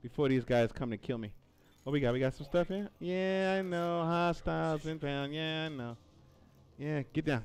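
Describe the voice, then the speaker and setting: A man with a notably high voice streams a shooter game and narrates his play live. He heckles his enemies with playful trash-talk and quick taunting one-liners. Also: smooth. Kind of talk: live gameplay commentary.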